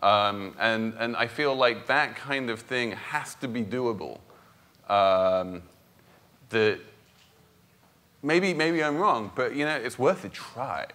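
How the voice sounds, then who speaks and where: British male panel guest, nasal edge, bright, forthright, repeats words as he thinks. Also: mid-range voice, slow pace. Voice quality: somewhat nasal. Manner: frank, opinionated, restarts often. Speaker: finance blogger, panel guest. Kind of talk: onstage conference Q&A.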